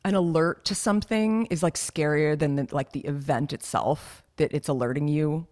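A woman's voice: sits low, normal speed, darkish tone. A woman co-hosting a podcast in casual chat, talking loosely with plenty of fillers and frequent laughs. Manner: chatty, laughs often, lots of fillers. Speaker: podcast co-host.

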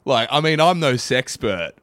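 Rambling crude Aussie podcaster. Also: male voice, mid-range voice, big pitch swings, moderate pace, fairly bright tone, no room sound, studio quality. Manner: rambling, crude, self-mocking. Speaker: podcast co-host. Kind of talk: comedic podcast banter.

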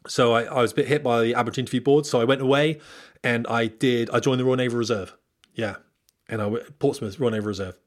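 A man's voice: mid-range voice, steady tone, fast. A man speaking to viewers in a candid, rambling monologue with fillers and restarts, giving career advice as a former military pilot.

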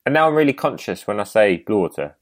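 Young southeast English male podcast host, slightly low voice, rambling casual delivery. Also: very animated, quick pace. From Kent, England. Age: 20s. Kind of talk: casual chat.

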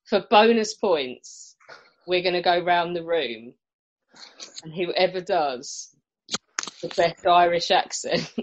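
A woman hosting a casual panel chat, teasing her guests and laughing often. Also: on the low side. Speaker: podcast host.

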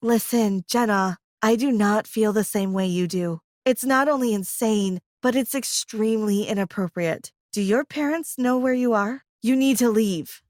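A woman's voice: fairly high pitch, moderate pace, few pauses, a little mellow, dry recording, clean studio sound, lightly acted. A woman voicing a stern male teacher who speaks in firm, clipped warnings.

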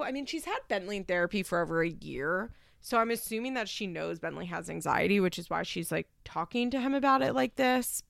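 A woman's voice: on the low side, gravelly, no room sound, studio quality. A woman recapping a reality show in a casual monologue, talking bluntly and candidly with plenty of swearing and filler "like.".

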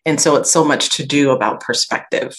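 A woman's voice: very deep voice, brisk, poor audio. A woman raised in Michigan and Alabama with a Southern accent, speaking earnestly as a podcast guest about confidence and perspective. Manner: reflective, earnest, animated when quoting others. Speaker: guest, aromatherapy expert. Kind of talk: podcast interview conversation.

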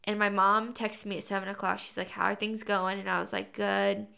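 A young woman on a podcast, chatting casually and telling a birth story with animated acted-out quotes. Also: medium pitch, fairly quick, vocal fry. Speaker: podcast co-host.

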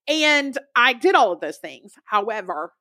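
A young woman co-hosts a podcast in casual chat, telling a story in an animated way and acting out quotes in other people's voices. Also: a little high, measured pace, dry recording, studio quality. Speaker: podcast co-host.

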